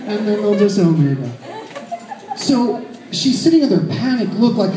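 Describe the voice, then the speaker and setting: A man's voice: sits high, expressive, a little fast, a crowd in the background. A man in his thirties telling a crude, self-mocking story as a stand-up comedian. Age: 30s. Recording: roomy echo.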